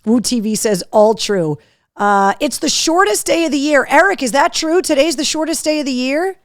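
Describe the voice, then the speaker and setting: A woman's voice: lively intonation, normal speed, no echo. Chatty woman host in a dry room. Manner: chatty, talks to her dogs in a high coaxing voice. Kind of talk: casual live-stream chat, reading viewer comments. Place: home studio room.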